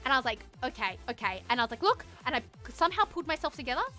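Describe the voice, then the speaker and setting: A woman's voice: high-pitched, very animated, rapid-fire, sharp tone, faint music behind. A young woman streamer telling a story casually, acting out both sides of a conversation and swearing freely. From Australia.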